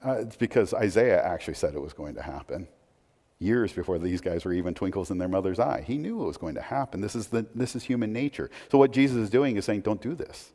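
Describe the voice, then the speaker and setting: A man's voice: on the low side, animated, fast, warm tone. A man preaching a casual, conversational sermon from the pulpit, chatty and self-deprecating, with frequent fillers and restarts. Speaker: pastor. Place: church sanctuary. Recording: long reverb of a church hall.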